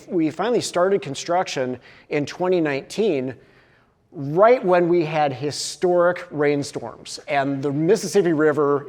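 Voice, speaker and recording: A man's voice: a little high, long reverb tail. A man giving a conference presentation, with a lot of uhs and restarts. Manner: filler-heavy, with many uhs and restarts. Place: conference hall.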